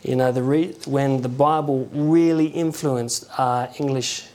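A man giving an informal sermon in a halting, conversational way, often restarting his words and acting out quotes. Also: medium pitch, fairly even intonation, a little mellow. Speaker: preacher.

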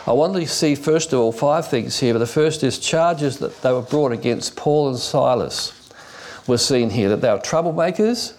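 Male preacher, mid-pitched, digressive storyteller who often restarts and uses fillers. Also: lively intonation, normal speed, darkish tone. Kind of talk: expository sermon.

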